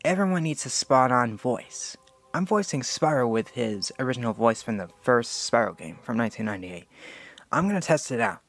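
A man's voice: medium pitch, lively intonation, moderate pace, fairly bright tone. A sixteen-year-old boy giving a casual channel update, rambling with many fillers and self-corrections, unsure of himself. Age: teen. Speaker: channel owner.

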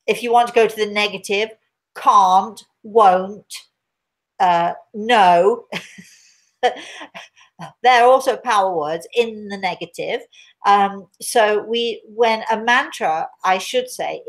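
A middle-aged woman and spiritual teacher speaking live to viewers, slow and deliberate, repeating key words for emphasis. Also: medium pitch.

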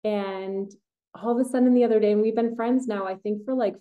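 A woman's voice: medium pitch, fairly even intonation, a little fast, phone-quality sound. A middle-aged woman hosting a casual podcast, chatty and enthusiastic, rambling a little as she talks. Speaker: podcast host, kinesiologist.

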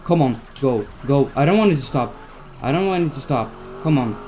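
A man's voice: medium pitch, expressive, a little fast, dark tone, a little hiss or hum. A young man giving gameplay commentary as a YouTuber, stressed and swearing as he talks to himself. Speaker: gaming YouTuber. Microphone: desk mic at a PC.

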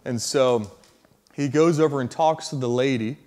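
A man preaching a sermon, telling a story in a casual, slangy way that builds to loud emphasis. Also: mid-range voice, moderate pace.

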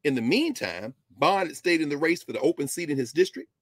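A man's voice: a little high, animated, fairly quick, no room sound. A man giving a history lecture on a talk show, telling the story with emphasis and dropping into casual asides.

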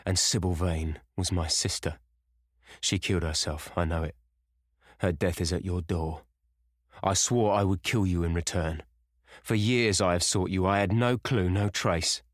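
A man voicing a short, thick-set vengeful sailor who growls threats in a gruff voice, in a storybook reading. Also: low-pitched, normal speed, dry recording, clean studio sound. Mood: menacing.

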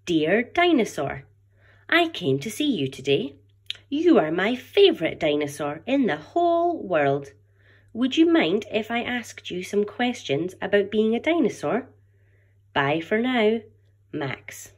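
A woman reading aloud as an excited, cheeky six-year-old boy who writes letters to a dinosaur. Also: mid-range voice, measured pace, voice pushed up. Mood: eager. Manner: bright and eager, reading a child's letter aloud.

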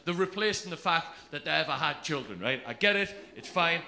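A man doing live stand-up, brash and sweary, telling stories quickly. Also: fairly high pitch, animated, bright, forceful tone, slight background noise. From England. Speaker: stand-up comedian. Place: comedy club stage with laughing audience.

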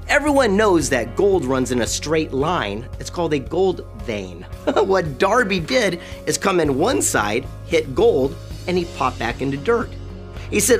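A man narrating a story in a dramatic, animated way, acting out the characters' lines. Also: on the high side, moderate pace, soft background music. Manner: animated, acts out characters' quotes.

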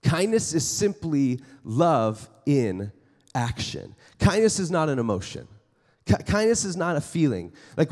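A man giving a conversational chapel sermon to students, acting out everyday scenes with quick quoted voices. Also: mid-range voice, a little mellow. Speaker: chapel speaker. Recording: long hall reverb in a chapel.

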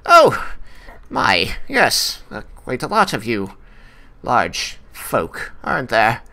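A man's voice: mid-range voice, huge pitch swings, slow pace, bright, forceful tone, pitched above the performer's own voice, exaggerated voice. A man voicing a fussy, irritable male gnome money-changer who squawks in flustered outbursts. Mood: startled.

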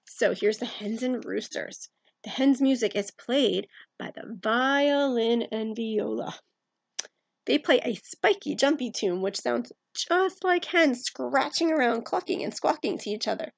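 Woman music teacher, fairly high voice with vocal fry, encouraging kids, faint music behind. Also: animated, measured pace, no room sound. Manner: gentle, encouraging, asks questions of young listeners. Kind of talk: online music lesson for children.

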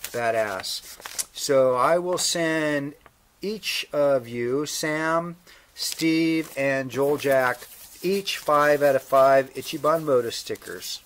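A man's voice: medium pitch, very slow, a bit bright, slight background noise. A male vlog host casually reading viewer mail, with a laid-back manner and dry humor, playing along with joke letters. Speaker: motorcycle channel host.

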